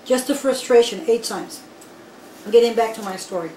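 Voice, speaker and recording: A woman from Guatemala, telling her own story in an interview in an animated, emphatic way and speaking straight to the listeners. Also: fairly high pitch, moderate pace. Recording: echoey room, voice from far off, faint background noise.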